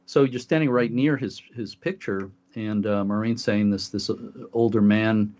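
A man's voice: lowish voice, steady tone, normal speed, a little mellow. A man co-hosting a talk show, telling a story casually with many fillers and restarts. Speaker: podcast co-host. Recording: dull lo-fi audio.

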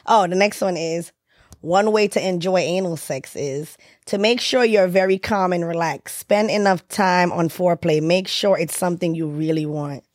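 A woman's voice: on the low side, moderate pace, no room sound, studio quality. A woman co-hosting a casual podcast chat, talking in a playful, teasing way.

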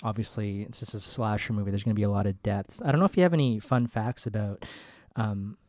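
A man co-hosting a movie podcast, talking in a chatty, excited way with lots of 'like' and some swearing. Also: fairly low pitch, fast, no echo, clean studio sound. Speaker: podcast co-host. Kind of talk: casual movie podcast chat.

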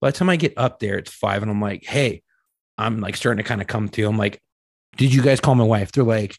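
This man's voice sits fairly low and his delivery is brisk, with no echo on the recording. As a podcast co-host, he spins a lengthy, profanity-laden story in casual conversation, animatedly voicing the people he quotes.

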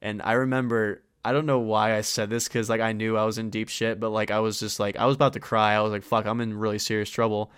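A young man co-hosting a podcast, telling a rambling, profane story in casual chat and getting animated as he retells it. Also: lowish voice, fast, few pauses, clear, resonant tone, dry recording, studio quality. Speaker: podcast co-host.

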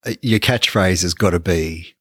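A man's voice: sits low, normal speed, a bit bright, slightly rough, no echo. A man co-hosting a podcast, chatting casually with dry, grumbling banter. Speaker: podcast co-host. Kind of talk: casual chat.

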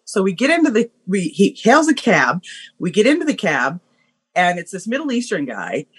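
A woman guest on a podcast, telling a personal story in an animated way, acting out voices and laughing often. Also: mid-range voice, moderate pace, breathy edge.

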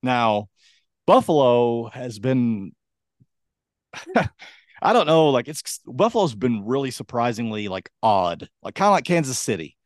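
A man co-hosting a casual sports podcast, rambling and hesitant with many ums, his voice going a bit hoarse. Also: medium pitch, sing-song, normal speed, no room sound, studio quality. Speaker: podcast co-host.

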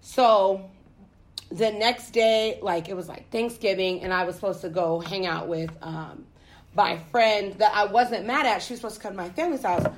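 A young woman from the United States telling a story in casual chat, profane and animated. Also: medium pitch, normal speed, a little hiss or hum.

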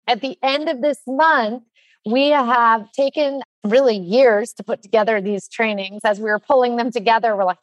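Woman in her forties, chatty podcast talk, higher voice, dry close sound. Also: moderate pace, dry recording. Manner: animated and chatty, many fillers. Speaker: nonprofit leader announcing trainings.

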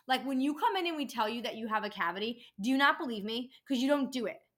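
A woman's voice: a little high, animated, quick pace, a bit bright. A woman working in a dental office, venting about patients in a casual, profane rant on her own podcast. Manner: exasperated, profane ranting.

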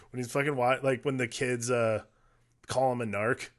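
A man co-hosting a casual movie podcast, talking in a relaxed, rambling way with plenty of fillers. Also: medium pitch, moderate pace. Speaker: podcast co-host.

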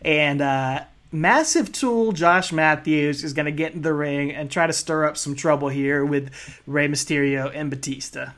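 A man's voice: fairly high pitch, fairly even intonation, moderate pace, a bit bright. A man co-hosting a casual podcast, chatting about a wrestling match with fillers and easy laughs. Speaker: podcast co-host. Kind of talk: casual wrestling commentary chat.

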